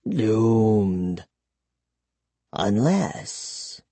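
A man voicing an ancient, withered male vampire who speaks in a slow, drawn-out murmur for an audiobook. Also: on the low side, big pitch swings, creaky, dark tone, no echo, voice pushed down, exaggerated voice. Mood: mournful. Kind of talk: audiobook reading.

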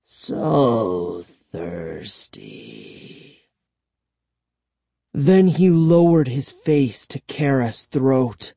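A man narrating a spooky children's story as an audiobook, in slow, expressive storytelling. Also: on the high side, no room sound.

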